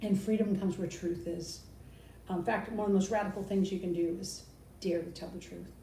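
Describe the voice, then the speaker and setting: An older woman teaches in a lively, conversational way, slipping into sarcastic quoted voices. Her voice sits mid-range for a woman. It is captured from a distance with a roomy sound and faint noise behind. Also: medium pitch, a little fast, gravelly. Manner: animated, mimics others with sarcastic quotes. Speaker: Christian speaker. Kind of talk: casual teaching talk. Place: balcony outdoors.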